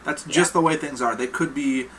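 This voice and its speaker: A man running a tabletop horror game as game master, narrating with loose, halting restarts. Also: mid-range voice, fairly bright tone, a little hiss or hum, poor audio.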